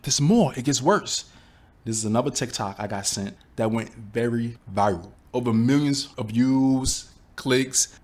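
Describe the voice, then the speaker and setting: A man giving a reaction commentary to his viewers, exasperated and rhetorical, often asking them questions directly. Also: medium pitch. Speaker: YouTube commentator.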